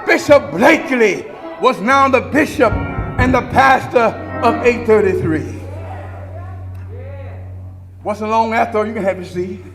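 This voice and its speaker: A middle-aged man, a pastor, delivering a eulogy sermon that builds to shouted, chanted crescendos with a singing preacher's cadence. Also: very high-pitched, slow pace, pauses often. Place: large church sanctuary before a congregation. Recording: long church reverb with organ and congregation.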